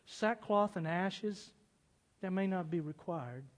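A man preaching a sermon who retells stories with animated, dramatic build-ups. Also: high voice, slow. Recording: long hall reverb.

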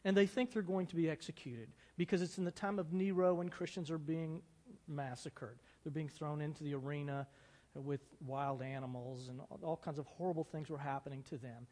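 Earnest preacher in a reverberant hall. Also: male voice, on the high side, fairly even intonation, a little fast, hardly any pauses, warm tone. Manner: earnest, rising to dramatic emphasis when reading. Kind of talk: sermon with dramatic reading.

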